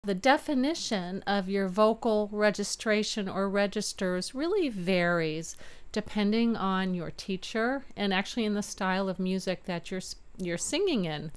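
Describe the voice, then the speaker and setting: Smooth-voiced woman voice teacher. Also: medium pitch. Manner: upbeat, demonstrates chest and head voice by singing. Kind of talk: video voice lesson. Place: home studio with keyboard.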